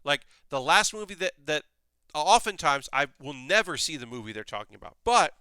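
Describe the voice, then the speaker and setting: A young man rambling casually while building a model kit on a live stream, with animated asides. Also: on the high side, normal speed, smooth, dry recording.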